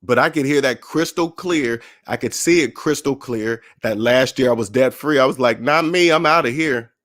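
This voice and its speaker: A man's voice: mid-range voice, moderate pace. A man hosting his own personal finance channel, talking casually and motivationally, acting out other people's voices in his stories. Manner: animated, acts out others' voices in quotes.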